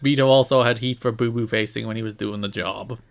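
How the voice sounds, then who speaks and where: A man co-hosting a podcast in casual chat, lively and sarcastic, often laughing. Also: lowish voice, fairly quick, gravelly. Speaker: podcast co-host.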